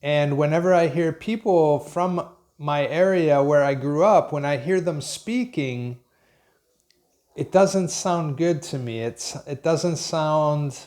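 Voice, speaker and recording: An American man in his fifties talks through an English lesson at a slow, easy pace. His voice sits a little high for a man. He thinks aloud and often stops to restart a sentence. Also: darkish tone. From Pennsylvania, USA. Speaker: English teacher. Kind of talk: unscripted lesson monologue.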